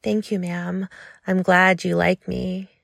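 A woman's voice: fairly low pitch, level tone, takes it slowly, vocal fry, no echo, clean studio sound, exaggerated voice. A woman voicing a nervous, eager young man who answers politely and a little breathlessly. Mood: anxious.

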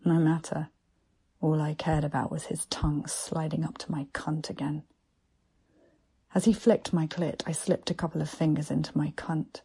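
A woman narrating an erotic story in a slow, hushed, breathy half-whisper. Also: low-pitched, flat delivery.

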